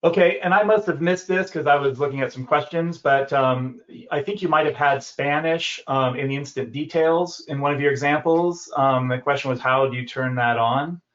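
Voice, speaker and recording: Moderator man, slightly high voice, hesitant, dull lo-fi sound. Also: normal speed, few pauses, fairly bright tone. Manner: hesitant, with frequent ums. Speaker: webinar moderator reading audience questions. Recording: dull lo-fi webinar audio.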